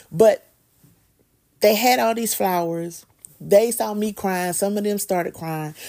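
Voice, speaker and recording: A middle-aged woman, telling a personal story in a chatty, animated way as a podcast host. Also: medium pitch. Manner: animated, chatty, with Southern slang. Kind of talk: casual storytelling monologue.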